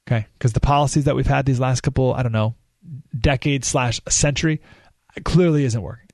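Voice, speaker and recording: A man's voice: medium pitch, fairly quick, a little mellow, dry recording. A man hosting a political talk radio show, delivering an emphatic, ranting monologue with sarcastic asides from a studio. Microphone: studio microphone.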